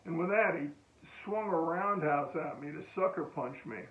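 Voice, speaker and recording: An older American man, a veteran, recounting a story in a halting oral-history style with frequent restarts and chuckles. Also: a little high. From United States. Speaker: veteran telling a war story. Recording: tinny phone-like echoey room.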